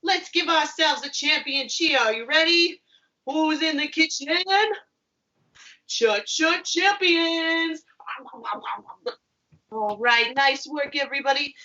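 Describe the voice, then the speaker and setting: A woman playing a friendly chef who teaches children, speaking patiently and clearly to viewers at home. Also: sits high, sharp tone, dull audio, full character voice. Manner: patient, clear and encouraging, with deliberate pauses. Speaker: children's theatre educator.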